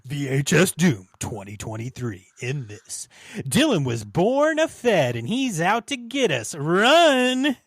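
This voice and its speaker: A man's voice: on the high side, huge pitch swings, slow pace, no echo, clean studio sound, pitched above the performer's own voice, heavily acted. A man putting on an exaggerated fake Italian accent, playing a jokey cartoon Italian man and reading in a sing-song, overblown way. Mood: hammy. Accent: put-on Italian.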